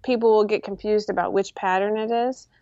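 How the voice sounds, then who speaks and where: A woman who designs sewing patterns, chatting casually as a guest in an interview, talking in quick bursts with lots of fillers. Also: mid-range voice, fairly even intonation, warm tone, no echo, highs cut off.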